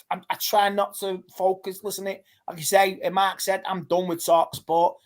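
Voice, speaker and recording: Rambling, stop-start man talking football. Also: high-pitched. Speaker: guest fan pundit. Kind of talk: casual football podcast chat.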